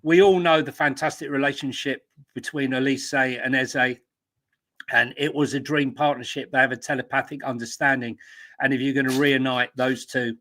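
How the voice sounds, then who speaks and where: A man's voice: mid-range voice, steady tone, normal speed, sharp tone. A man co-hosting a casual football podcast in a chatty, self-mocking way. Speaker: podcast co-host.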